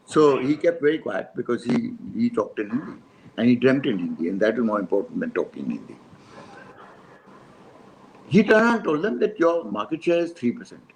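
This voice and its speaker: A man's voice: mid-range voice, fairly quick, slight background noise, poor audio. An older man with an Indian accent telling stories in a talk, acting out dialogue and slipping into Hindi. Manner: animated storyteller, acts out dialogue, mixes in Hindi. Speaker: advertising speaker. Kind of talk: storytelling talk.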